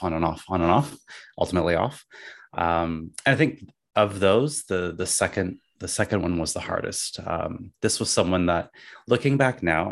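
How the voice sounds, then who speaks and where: A man in a casual chat, telling a personal story in a measured, reflective way with pauses. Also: low-pitched, creaky.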